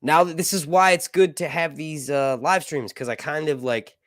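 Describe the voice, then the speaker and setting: A man's voice: a little high, steady tone, normal speed, a bit bright, no echo, studio quality. A man casually reviewing a TV show on a live stream, rambling and cracking crude jokes.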